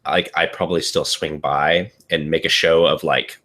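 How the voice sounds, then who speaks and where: A man's voice: extremely low pitch, little pitch movement, moderate pace, bright, forceful tone. A man playing in a tabletop game, thinking aloud hesitantly about his character. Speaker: player. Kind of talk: casual tabletop game planning.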